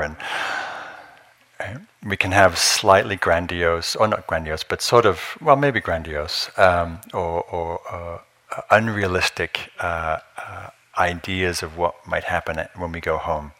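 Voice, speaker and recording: A man teaching meditation at a retreat, telling stories with easy humor and soft chuckles in a meditation hall. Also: deep voice, fairly even intonation, measured pace. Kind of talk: dharma talk at a retreat.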